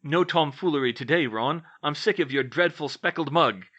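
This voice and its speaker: A man's voice: fairly high pitch, normal speed, a bit bright, lo-fi sound, voice pushed up. A man voicing a moody teenage boy puppet who whines and grumbles in a comic puppet show. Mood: cranky. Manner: whiny, grumbling.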